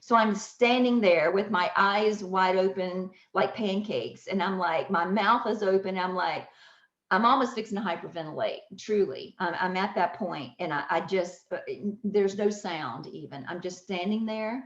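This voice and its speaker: A woman's voice: mid-range voice, normal speed. A woman tells a personal story on her podcast, laughing often and acting out the voices of others. Her voice sits in the middle of the usual range for a woman. The sound is roomy and a little dull. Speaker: podcast host. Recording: roomy, slightly dull audio.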